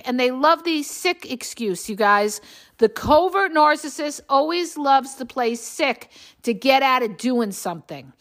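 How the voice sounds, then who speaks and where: Woman, high voice, middle-aged, blunt, emphatic, podcast monologue. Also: lively intonation, unhurried, fairly bright tone. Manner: blunt, emphatic, keeps adding "okay?". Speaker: podcast host and relationship coach. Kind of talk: casual monologue.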